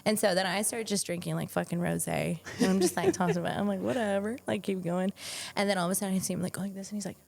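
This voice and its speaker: A woman guest on a podcast, telling stories in casual chat, animated, laughing often and swearing freely. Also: lowish voice, fast, gravelly.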